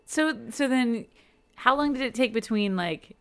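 A woman's voice: fairly high pitch, lively intonation, normal speed, a bit bright, clean tone. A young adult woman, a radio DJ, talking as a chatty guest in a casual interview. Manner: chatty, self-described talker.

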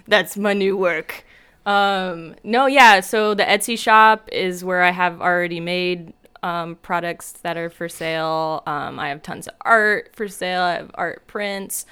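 A woman chatting as a guest, her voice sitting low with a gravelly fry in it. She giggles often and rambles through her sentences with plenty of ums. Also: a bit bright. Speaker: artist and musician guest. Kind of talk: casual chat.

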